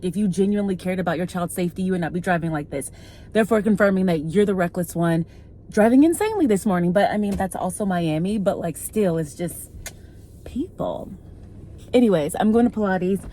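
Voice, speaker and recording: Thirties woman vlogging, mellow low voice, rambly storytelling w lots of "like"s. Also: fast. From American Midwest. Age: 30s. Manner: chatty storytelling, many "like" fillers. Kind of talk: casual chat to camera.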